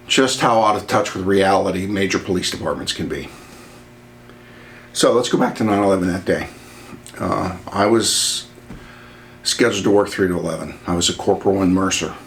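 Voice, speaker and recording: Low-voiced middle-aged man telling a story. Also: slight background noise. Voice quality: relaxed, blunt, swears freely. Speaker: channel host. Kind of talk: casual storytelling vlog.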